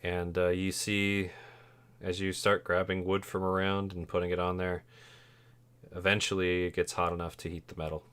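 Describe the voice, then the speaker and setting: A man with a very low voice runs a tabletop game, describing scenes in a relaxed, rambling way. He pads his narration with fillers and easy chuckles. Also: moderate pace, slight background noise. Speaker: game master.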